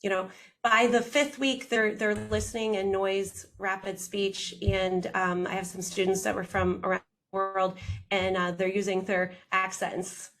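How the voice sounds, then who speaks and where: A woman audiologist talking in a casual interview, lively and quick, acting out what her patients say. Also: mid-range voice. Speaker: audiologist guest.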